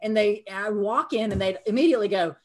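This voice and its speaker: Speaking at a medium pitch and a fairly quick pace, a middle-aged Southern US woman chats casually on a podcast about her career, telling it with frank, self-deprecating humor as a guest.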